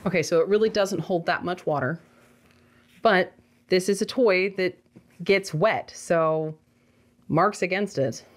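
A woman's voice: lowish voice, measured pace, pauses often. A young adult woman giving a casual toy review, with sarcastic, exasperated asides.

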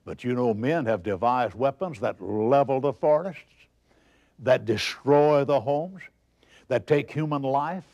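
A man's voice: mid-range voice, unhurried, darkish tone, muffled recording. A man preaching a broadcast sermon, asking rhetorical questions and answering them himself with emphasis.

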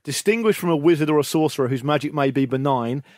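A man's voice: fairly high pitch, fast, a little mellow, no echo, studio quality. A man co-hosting a podcast, chatting casually, laughing often and making wordplay jokes. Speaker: podcast co-host. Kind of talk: casual chat.

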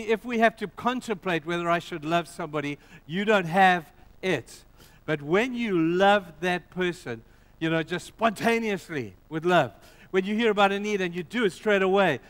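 A man's voice: on the high side, fairly bright tone, clean tone. A man preaching a sermon in an emphatic, storytelling way with conversational asides.

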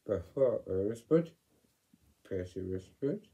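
A man reads a children's story aloud at an unhurried pace. His voice is mellow and dark, and his delivery is animated, with big leaps in pitch. He jumps from loud exclamations to hushed, whispered asides. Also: gravelly, rough recording.

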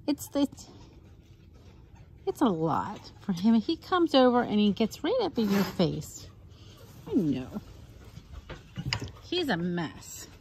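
A woman who runs a fox rescue, chatting casually to her foxes outdoors in cooing baby talk, with soft asides in between. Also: medium pitch, big pitch swings, takes it slowly, pauses often, background noise. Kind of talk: casual vlog talking to pet foxes.

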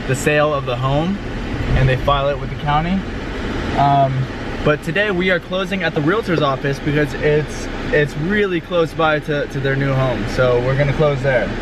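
A young man talking casually to his camera as a real estate agent, excited and rambling with restarts. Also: fairly high pitch. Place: outdoors and in a car, then inside a house. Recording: noisy outdoor and car ambience. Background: air conditioning and traffic noise.

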